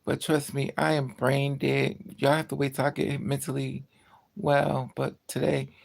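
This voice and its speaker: Casual livestream host: gravelly, profane and blunt, worn-out delivery that trails off. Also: medium pitch, little pitch movement, measured pace, darkish tone. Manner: tired, drifting, trails off. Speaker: livestreamer talking to chat.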